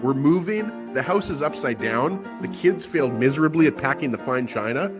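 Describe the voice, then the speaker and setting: A man's voice: mid-range voice, lively intonation, normal speed, music in the background, close to an everyday voice. A man acting a frazzled, overwhelmed husband in the middle of a house move, complaining in an exasperated, whiny way for a radio ad skit. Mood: stressed.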